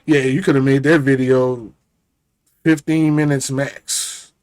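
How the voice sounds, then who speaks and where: A man's voice: mid-range voice, level tone, slow pace, darkish tone, smooth, no room sound. A man hosting a reaction video, talking loosely and thinking aloud as he reacts. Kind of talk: casual reaction commentary.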